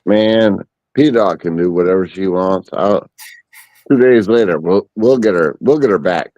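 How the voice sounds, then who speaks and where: A man's voice: low voice, a little slow, a little mellow, no room sound, lo-fi sound. A man in a casual live audio chat, eager and stammering, repeating words as he goes.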